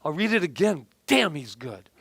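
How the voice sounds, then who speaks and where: Chatty male minister, slightly high voice. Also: measured pace, a bit bright, dry recording. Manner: chatty, self-deprecating storytelling with frequent restarts. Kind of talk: conversational sermon.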